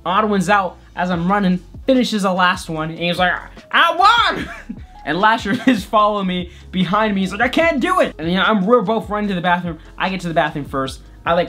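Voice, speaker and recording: A man's voice: high-pitched, a bit bright. A man vlogger narrating a comedic personal story in a playful, exaggerated way.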